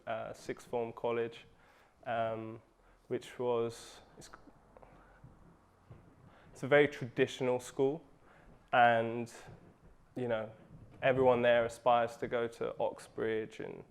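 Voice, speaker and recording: A young man from England speaking in an interview, measured and thoughtful, pausing often as he recalls school years. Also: medium pitch, clear, resonant tone. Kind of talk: reflective interview.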